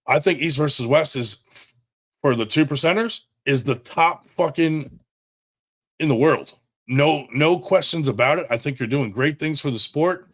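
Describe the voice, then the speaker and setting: A man's voice: a little high, normal speed, fairly bright tone. Blunt swearing man on camera. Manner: blunt and heated, swears often, many restarts. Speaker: brand owner addressing a rival promoter. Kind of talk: direct-to-camera statement.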